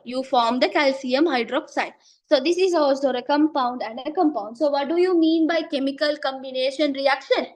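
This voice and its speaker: High-voiced tutor woman, losing her voice. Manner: repetitive, checks understanding often. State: losing her voice, clearing throat. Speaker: chemistry tutor. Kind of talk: online class teaching.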